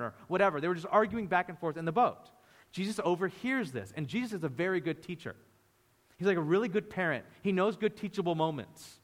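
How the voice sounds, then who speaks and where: A man preaching a lively sermon, often acting out the voices of the people in the story. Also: high-pitched, fast talker. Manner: animated, acts out voices of disciples. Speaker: pastor. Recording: reverberant hall.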